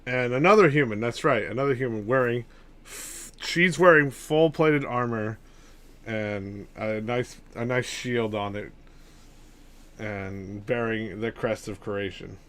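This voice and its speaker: A man's voice: medium pitch, unhurried, a bit bright, slight background noise. A man playing a tabletop game, chatting casually and rambling. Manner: self-mocking, rambling. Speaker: player.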